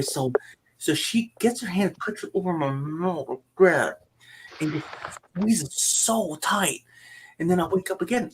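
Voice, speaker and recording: A middle-aged man hosting a casual chat. He tells stories in an animated way, getting loud and excited, then dropping to mutters. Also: a little high, a little hiss or hum, low-quality recording. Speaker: livestream host.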